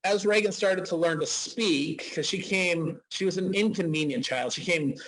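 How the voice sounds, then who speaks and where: A man's voice: high-pitched, moderate pace, fairly bright tone, rough recording. A man in his forties from Utah, a dentist guest telling a chatty, anecdotal story in a casual interview, with frequent restarts. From Utah, USA.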